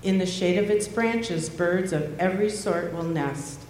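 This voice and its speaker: A woman's voice: on the low side, darkish tone, a little hiss or hum. Distant woman reading scripture in a huge echo. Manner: measured, formal reading. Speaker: scripture reader. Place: church sanctuary. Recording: very echoey hall, heard from far off.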